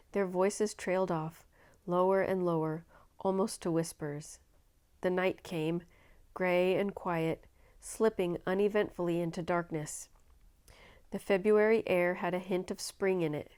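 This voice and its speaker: A woman reading a children's novel aloud, narrating in an expressive, dramatic way. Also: lowish voice, unhurried, smooth. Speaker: storyteller. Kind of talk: children's book read-aloud.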